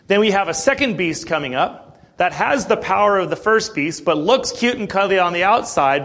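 A man with a slightly higher voice leads a morning Bible class in an easy, conversational way. He clears his throat often and checks in with his listeners, asking "okay?" and "right?". When he reads scripture, he slows down to lean on the key words. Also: a bit bright. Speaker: Bible study teacher.

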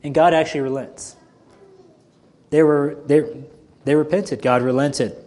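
A man's voice: on the high side, steady tone, unhurried, a little mellow. A man preaching a sermon as a pastor, emphatic and full of rhetorical questions to his listeners.

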